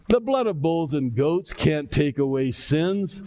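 An older male pastor delivers a sermon at an unhurried pace. His voice sits a touch high for a man and carries a gravelly edge. He reflects aloud and voices imagined speech from scripture. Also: lively intonation, warm tone.

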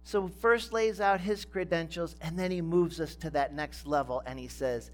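A man preaching a sermon as pastor, speaking deliberately and building to emphatic, rising phrases. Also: a little high, soft background music.

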